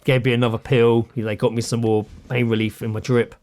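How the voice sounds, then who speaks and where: On a podcast, a male co-host speaks briskly at medium pitch while telling a story in easygoing conversation. He animatedly reenacts what people said, and his swearing is frequent.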